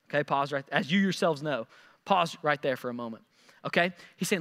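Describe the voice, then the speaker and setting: A man preaching a sermon, animated and repeating words as he acts out scripture quotes. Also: a little high, a little fast, big-room sound. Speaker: pastor.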